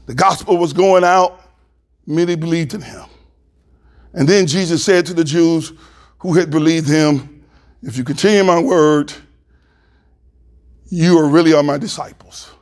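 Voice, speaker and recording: A man preaching a sermon as pastor, reading scripture aloud and rising louder and higher to stress his points. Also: measured pace, pauses often.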